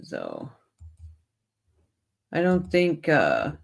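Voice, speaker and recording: A woman's voice: low-pitched, huge pitch swings, extremely slow, creaky. A woman hosting a casual livestream, rambling in a friendly way and talking straight to her viewers. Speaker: livestream host.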